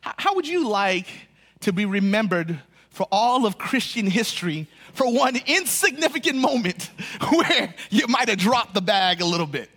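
A pastor preaches a sermon in a voice unusually high for a man, with a breathy edge. He speaks in animated bursts, stumbling over repeated words as he restarts, then slows way down to stress key phrases.

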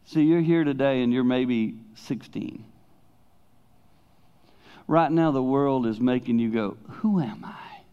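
Slow and full of long pauses, this middle-aged pastor delivers a casual, conversational sermon in a clear, resonant tone. His pitch stays mid-range, frequently sinking to a hush for emphasis, on a dull, lo-fi recording.

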